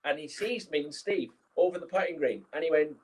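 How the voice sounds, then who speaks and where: A man telling an anecdote as a guest speaker, lively and acting out the scenes as he goes. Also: a little high, brisk, a little hiss or hum, rough recording. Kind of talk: anecdotal storytelling.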